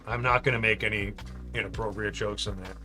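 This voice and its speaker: A man's voice: fairly low pitch, steady tone, brisk, pushed and bright, faint music behind. A man hosting a casual livestream, chatting and reading viewer comments aloud with light, joking asides. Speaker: livestream host building Lego.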